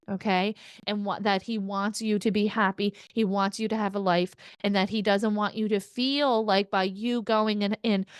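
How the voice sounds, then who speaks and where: The recording is dry and her tone clean as a woman medium gives an informal spirit reading. She keeps up a chatty flow, laughs often, swears from time to time, and relays quotes with an excited lift in pitch.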